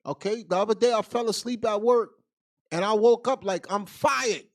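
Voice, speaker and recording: A man with a fairly high voice leads a Bible class as a deacon, answering viewer questions. He talks bluntly and emphatically in casual street speech and keeps checking in with a pointed "Okay?". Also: steady tone, normal speed.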